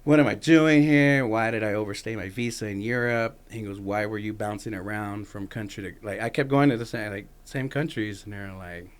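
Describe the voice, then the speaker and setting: A man's voice: fairly low pitch, fairly even intonation, a little fast, hardly any pauses. A young adult man, a military veteran guest on a podcast, telling a loose, profane story in casual chat and acting out what other people said. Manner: loose, profane anecdotes with lots of "like" and acted-out quotes.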